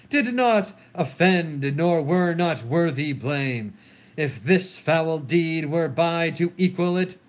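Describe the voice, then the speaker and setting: A man reading a grieving, furious queen. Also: a little high. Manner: declaiming verse, anguished. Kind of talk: solo dramatic reading of a play.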